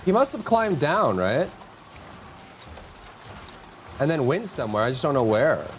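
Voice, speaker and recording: A man narrating his live game stream in a lively voice that leaps up high when he yells, then drops low to muse. Rain noise sits clearly behind him. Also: fairly quick. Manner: excitable, jumps to high yelps and mock insults at enemies. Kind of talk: live gameplay commentary.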